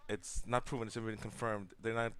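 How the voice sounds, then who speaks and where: Young man, co-host, casual gaming chat, low voice, rambling, blunt. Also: little pitch movement, fast, fairly bright tone, clean tone. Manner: blunt, rambling, crude jokes. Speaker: podcast co-host.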